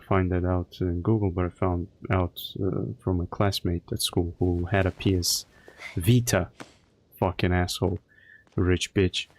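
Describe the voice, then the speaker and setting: A man's voice: sits low, a little mellow. A man chatting casually on a live stream, crude and profane as he rambles through anecdotes.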